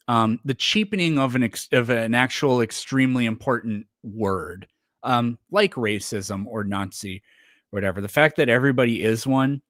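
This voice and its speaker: A man's voice: medium pitch, a bit bright, no echo, clean studio sound. A man chatting casually on a livestream, rambling with lots of fillers and restarts. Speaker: streamer.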